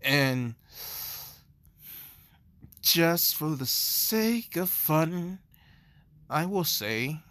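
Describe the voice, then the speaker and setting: A man's voice: a little high, very animated, extremely slow, pauses often, pushed and bright. A young man casually narrating a fan story, rambling with lots of "like" and "you know". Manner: rambling, filler-heavy.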